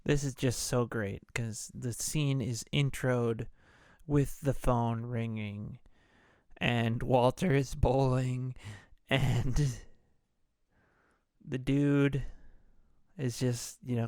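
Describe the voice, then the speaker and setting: A man's voice: mid-range voice, level tone, takes it slowly, long pauses, a little mellow, clear, resonant tone, no room sound, clean studio sound. Laid-back man recapping a movie. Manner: laid-back, profane storytelling. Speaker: podcast host. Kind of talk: casual movie recap podcast.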